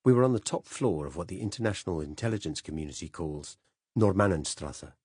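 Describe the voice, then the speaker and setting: A man narrating an audiobook in a measured, dramatic first-person telling. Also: low voice, animated, a little mellow, husky, dry recording, clean studio sound.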